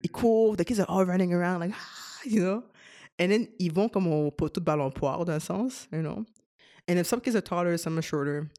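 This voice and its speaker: A woman's voice: on the low side, brisk, mellow. A young woman, co-hosting a casual podcast chat, giggling often and switching between English and French. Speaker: podcast co-host.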